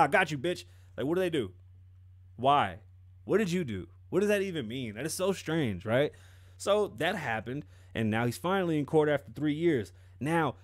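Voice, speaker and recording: A man's voice: a little high, no echo, clean studio sound. A man giving profane, sarcastic commentary on a news story. He mocks the story and fires off rhetorical questions. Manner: mocking, rhetorical questions, breaks off to laugh. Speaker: commentary vlogger.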